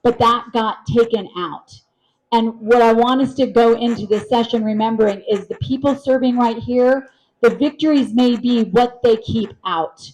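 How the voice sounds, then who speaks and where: A woman's voice: on the high side, normal speed, darkish tone, rough recording. Earnest woman moderating a panel.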